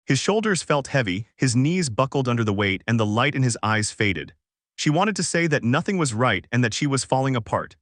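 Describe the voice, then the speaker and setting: A man's voice: mid-range voice, sing-song, brisk, fairly bright tone, no room sound. Man narrating a fanfic in a dry voice.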